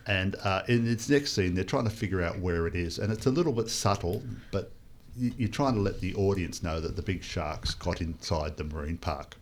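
A man's voice: low-pitched, animated, normal speed, a little hiss or hum. A man hosting a casual film chat, talking in a loose, rambling way with many restarts. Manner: rambling, hesitant, full of restarts. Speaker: podcast host reviewing a film.

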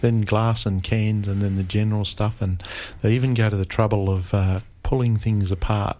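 A man's voice: lowish voice, fairly even intonation, normal speed, a little mellow. A man chatting casually as a radio guest, rambling and hesitant as he talks.

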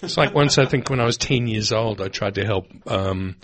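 A man co-hosting a radio show, chatting and telling stories in an animated way. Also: lowish voice, moderate pace, very noisy. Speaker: radio co-host. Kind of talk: casual radio chat. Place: radio studio.

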